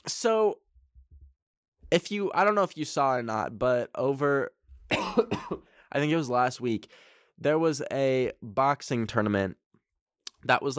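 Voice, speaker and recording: A man's voice: medium pitch, dry recording, clean studio sound. A young man hosting a casual solo podcast, goofy and rambling with lots of fillers and laughs. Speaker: podcast host.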